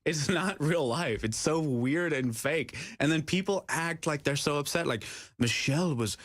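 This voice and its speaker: A man co-hosting a talk show, animated and laughing often, with mocking asides. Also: fairly high pitch, normal speed, no echo, studio quality. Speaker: co-host. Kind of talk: casual political talk.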